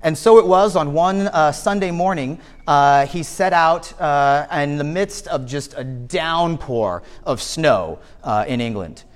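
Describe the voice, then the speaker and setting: A man's voice: fairly high pitch, slow, few pauses. A man preaching a sermon, telling a story with joking asides to the congregation. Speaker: pastor.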